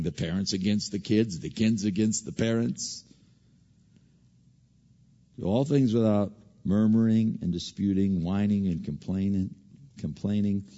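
A man preaching a sermon, animated, swinging from loud emphasis to hushed asides and often repeating words as he restarts. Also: sits low, breathy edge, long reverb tail, lo-fi sound.

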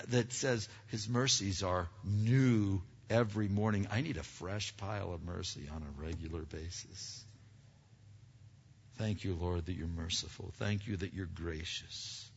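Earnest preacher with a bright tone. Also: male voice, lowish voice, breathy edge. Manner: earnest, with repeated restarts and rhetorical questions. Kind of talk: sermon. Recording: dull recording with long hall reverb.

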